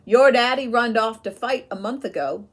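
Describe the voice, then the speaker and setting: A woman's voice: on the high side, normal speed, slightly rough, voice pushed up. A woman reading aloud and voicing a devout, tender older mother who talks in a folksy rural dialect. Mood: fervent.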